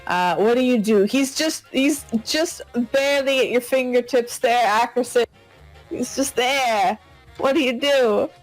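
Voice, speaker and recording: A woman runs a tabletop game, narrating with a chatty, easygoing delivery. Her voice sits slightly high, and faint music plays in the background. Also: unhurried, rough recording. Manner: chatty, laughing, with frequent fillers. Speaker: game master.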